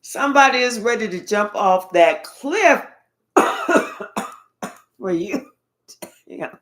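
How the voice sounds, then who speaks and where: Slow, bright-voiced woman reading tarot. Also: mid-range voice. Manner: animated, drawling, sassy, talks to spirit and viewers. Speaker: tarot reader. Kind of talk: live tarot reading, casual chat.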